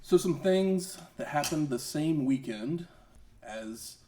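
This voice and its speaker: A man's voice: a little high, expressive, slow pace, warm tone. A man co-hosting a podcast in casual chat, chiming in with short, agreeable remarks. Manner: brief, agreeable interjections. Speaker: podcast co-host.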